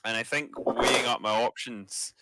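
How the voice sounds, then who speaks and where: A man's voice: medium pitch, moderate pace, bright, forceful tone, no echo, studio quality. A man playing a tabletop game who thinks aloud hesitantly, with many fillers. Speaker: player.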